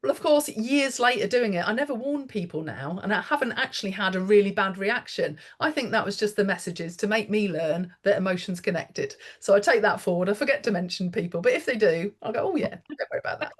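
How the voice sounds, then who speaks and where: Lively woman therapist on a video call. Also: mid-range voice, brisk, few pauses. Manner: lively, tells stories from her practice. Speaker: bodywork pain therapist. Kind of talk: casual webinar chat.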